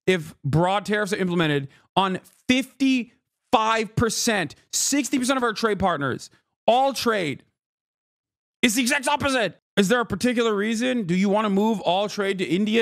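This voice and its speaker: A male streamer rants about the news in rapid, incredulous and profane bursts. His voice sits high for a man. The mic sound is close and completely dry. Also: expressive, gravelly, a bit bright, dry recording. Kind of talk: profane political commentary.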